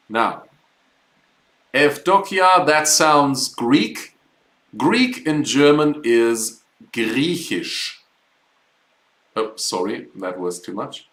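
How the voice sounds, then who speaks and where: A man's voice: mid-range voice, a bit bright, reverberant, low-quality recording. A man teaching a live online German class, explaining words patiently step by step.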